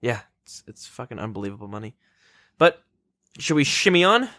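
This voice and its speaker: A man's voice: medium pitch, sing-song, moderate pace, sharp tone, dry recording, studio quality. A young man co-hosting a gaming podcast, joking, swearing freely and asking questions. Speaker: podcast co-host. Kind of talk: casual gaming chat.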